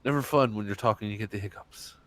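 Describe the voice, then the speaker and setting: A man's voice: lowish voice, fast talker, a little hiss or hum. A man calling a sim racing event as play-by-play commentator, chatty and laughing between his remarks.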